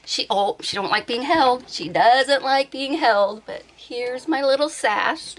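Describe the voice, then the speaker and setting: Slow-talking bright-voiced woman vlogger. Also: high-pitched. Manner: chatty, laughs often, thinks aloud. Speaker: beauty vlogger. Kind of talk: casual chat. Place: at home on a bed.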